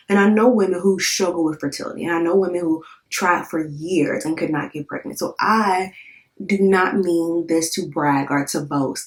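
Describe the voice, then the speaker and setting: A woman in her thirties speaks with a low voice, talking straight to her viewers. Her storytelling is candid and emotional, full of fillers and quick repeats. She lets curse words slip when she quotes her own thoughts. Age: 30s. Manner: conversational with many fillers and repeats. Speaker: vlogger. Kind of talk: casual storytelling to camera.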